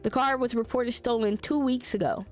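A woman voicing a police officer who gives bad news in a flat, official way. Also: fairly high pitch, moderate pace, faint music behind, lightly acted. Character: matter-of-fact police officer.

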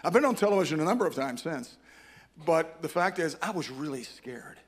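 A man's voice: fairly high pitch, lively intonation, a little fast, husky. An older man speaking at a conference, telling a personal story as a sermon, rambling and self-deprecating with many restarts.

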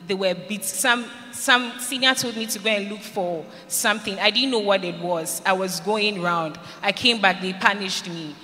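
Woman sharing her testimony, bright voice, long hall echo, bit of noise behind. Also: mid-range voice, normal speed, few pauses. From Ghana. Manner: earnest storytelling, acts out quoted lines. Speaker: speaker giving a testimony. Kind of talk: personal testimony to students. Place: large hall at a school event. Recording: reverberant hall, faint noise.

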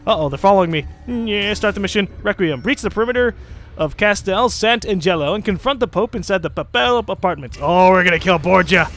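High-voiced, animated gaming commentator. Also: male voice, fairly quick, slight background noise. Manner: rambling, jokey, swears often. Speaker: let's play host. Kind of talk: casual gameplay commentary.

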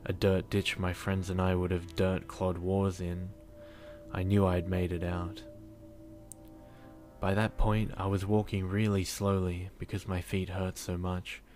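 Deep male narrator for a horror story, earnest and measured, faint hiss behind.

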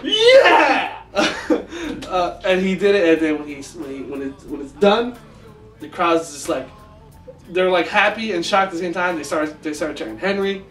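A man co-hosting a casual chat, telling a story with lively acted-out quotes. His voice sits a bit high and comes from some distance off the mic. The room rings with echo, and faint music plays behind. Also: moderate pace. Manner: animated storyteller, acts out quotes. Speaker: podcast co-host.

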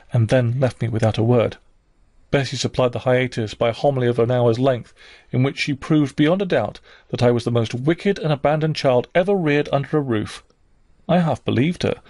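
A man narrating a classic novel as an audiobook reader, measured and unhurried. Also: mid-range voice, darkish tone, no room sound, studio quality. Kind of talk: scripted narration.

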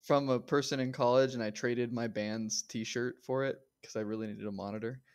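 A stream host chatting casually while playing a game, relaxed and laughing a lot. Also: medium pitch, normal speed. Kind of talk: casual live-stream chat.

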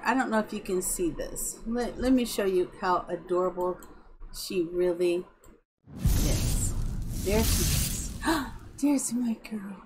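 A middle-aged woman chatting slowly while streaming a building game at home, talking sweetly to her cat. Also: mid-range voice, a little hiss or hum, rough recording. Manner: slow and chatty, cooing baby talk to her cat. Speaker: live streamer. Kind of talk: casual game-stream chat.

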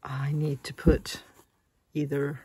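A woman's voice: low voice, monotone, slow, dark tone, husky. A woman vlogger talking casually as she sews, muttering and joking at herself. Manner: muttering and self-mocking while sewing. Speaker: crafting vlogger. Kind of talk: casual crafting chat.

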